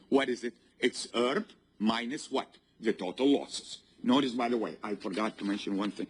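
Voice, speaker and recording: A man's voice: medium pitch, moderate pace, few pauses, a little hiss or hum. A male university professor giving a classroom lecture, constantly asking the students to fill in the answer and checking whether they follow. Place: lecture hall.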